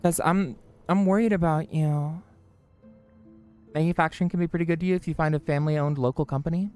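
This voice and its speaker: A livestreamer chatting casually with viewers and friends, joking, swearing and mocking themselves, with the pitch jumping high for greetings. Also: fast, a little mellow, faint music behind. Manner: joking, profane, self-mocking.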